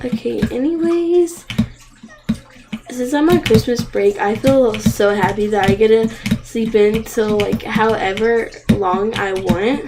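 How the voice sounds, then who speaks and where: Young female streamer: high, unhurried voice, excitable outbursts, water noise behind. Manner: excitable, gasping and crying out at the game, then rambling. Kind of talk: live game stream commentary.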